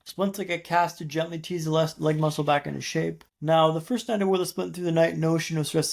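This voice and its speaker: Fast, gravelly man telling a story. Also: fairly high pitch, fairly even intonation. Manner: dramatic storyteller with repeated refrains and pauses. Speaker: podcast guest. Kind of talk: storytelling interview.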